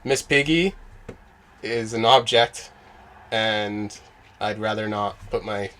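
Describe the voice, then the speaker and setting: A man's voice: lowish voice, slow pace, pushed and bright. A young man guesting on a podcast, joking and teasing in casual chat.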